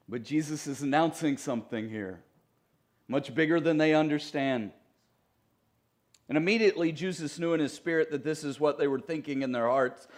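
Pastor, male, slightly higher voice; relaxed, joking sermon delivery in a church. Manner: conversational, joking asides to the congregation. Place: church sanctuary.

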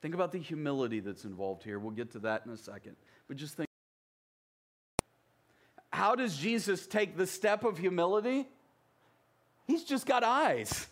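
A man from the American South delivers a sermon with a fairly high voice. He speaks conversationally and keeps checking in with the congregation as he goes. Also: animated, normal speed, long pauses, a bit bright. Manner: conversational, often checks in with the listeners. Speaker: pastor.

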